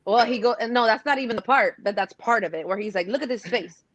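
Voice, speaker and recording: A woman talking casually on a podcast, animated, acting out movie quotes in put-on voices. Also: a little high, fast talker. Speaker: guest co-host.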